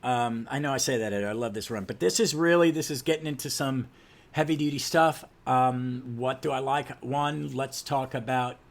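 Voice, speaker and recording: A man's voice: mid-range voice, normal speed, vocal fry. A man hosting a podcast, recapping comics with enthusiastic, gushing asides. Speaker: podcast host.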